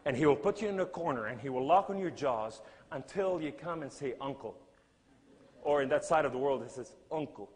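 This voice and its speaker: A man's voice: a little high, animated, fast talker, few pauses, a little mellow, in a large hall. A man giving a sermon-style testimony, telling his story dramatically and acting out the scenes.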